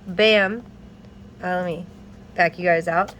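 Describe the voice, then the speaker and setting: Speaking slowly in a lowish voice, a woman vlogger walks through a car repair and reads from the manual. She's chatty and animated, with frequent laughs and exasperated remarks, over a little hiss or hum.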